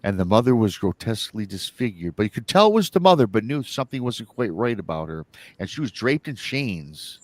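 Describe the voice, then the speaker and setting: The live-show host's fairly low voice is brisk and very animated as he gives a rambling, casual retelling of a listener's story. He goes over the same ground repeatedly and acts out the quotes, with no echo.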